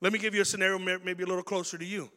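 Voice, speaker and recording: Male preacher, high and animated, acts out scenes for a young crowd; hall echo. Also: very fast. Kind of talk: sermon to young people.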